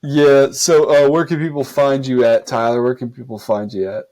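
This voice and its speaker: A man's voice: mid-range voice, flat delivery, normal speed, a little mellow. A man hosting a podcast in a casual, laid-back way, peppering his talk with "dude" and "like.". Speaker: podcast host.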